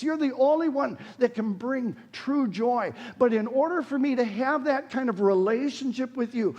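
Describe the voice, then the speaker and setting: Earnest older male preacher, high voice. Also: darkish tone. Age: 60s. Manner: earnest preaching, voice rising and falling sharply when quoting scripture. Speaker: pastor. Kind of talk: sermon.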